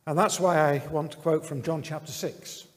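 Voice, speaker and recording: A man preaches in an earnest, measured way, pausing often and filling gaps with short hesitations. His voice sits a little high. A long reverb from the church hall trails behind each phrase. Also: fairly even intonation. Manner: earnest, measured, with many pauses and fillers. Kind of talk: sermon.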